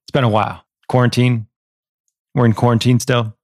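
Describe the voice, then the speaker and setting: A man's voice: mid-range voice, little pitch movement, fairly quick, darkish tone, slight background noise. Awkward, erratic comedic male narrator. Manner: awkward, erratic, given to sudden screaming. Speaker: podcast host playing an amateur detective. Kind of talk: comedic audio drama narration.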